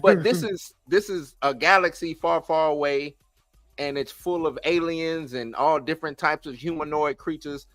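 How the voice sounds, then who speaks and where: Man, guest, slightly high voice, arguing his point, dry sound. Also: normal speed, a bit bright, dry recording. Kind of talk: casual chat.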